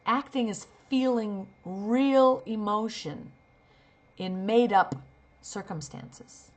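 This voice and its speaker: A woman's voice: mid-range voice, slow, a little mellow. A middle-aged woman teaching a casual acting lesson, acting out sample lines as she explains. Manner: demonstrates lines, shifting from earnest to sarcastic. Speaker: acting coach and talent manager.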